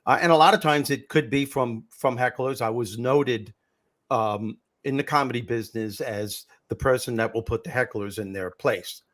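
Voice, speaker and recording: An older man recounts his stand-up days with animated energy, slipping into the voices of the people in his stories. He talks at a middle pitch in a conversational interview. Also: moderate pace. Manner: animated anecdotes, acts out quoted voices. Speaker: comedian and former teacher. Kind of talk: storytelling in a podcast interview.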